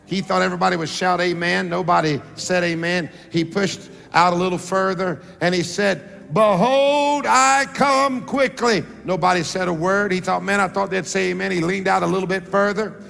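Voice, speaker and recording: High, gravelly preacher in a hall. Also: male voice, level tone, a little fast, few pauses, a bit bright. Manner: preaching with call-and-response to the congregation; rises and draws out words for emphasis. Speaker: pastor. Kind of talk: sermon. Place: large church sanctuary. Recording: long reverb of a church hall.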